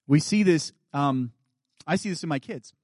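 A man in his thirties preaching a sermon as guest pastor, earnest, often dropping to soft quiet asides. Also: a little high, expressive, normal speed, slightly rough, dry recording, clean studio sound. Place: church sanctuary.

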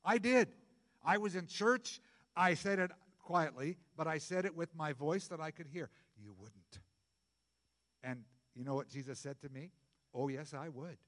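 A middle-aged male pastor preaching a sermon in a conversational, jokey way, jumping from loud bursts to soft asides. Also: fairly high pitch, normal speed, in a large hall.

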